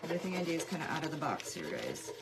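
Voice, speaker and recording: A woman with a lowish voice hosts a craft livestream, chatting casually and greeting viewers by name as she paints. Her voice keeps going in and out. Loud machine noise runs underneath the whole recording. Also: wildly swooping pitch, very fast.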